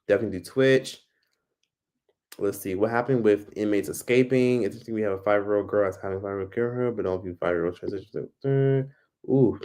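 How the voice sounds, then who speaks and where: Chatty low-voiced man on a livestream. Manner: chatty, animated, swearing freely. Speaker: livestream host. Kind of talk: casual livestream chat reading comments.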